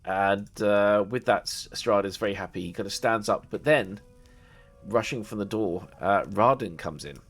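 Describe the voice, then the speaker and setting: Low-voiced dungeon master. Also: male voice, normal speed, faint music behind. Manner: rambling, many fillers and restarts. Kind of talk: casual game narration.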